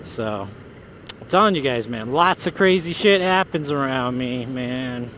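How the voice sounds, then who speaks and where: A man telling a ghost story in a loose, profane, animated way while riding a motorcycle outdoors. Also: medium pitch, a little slow, a little hiss or hum. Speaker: motovlogger. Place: outdoors on a motorcycle on city roads.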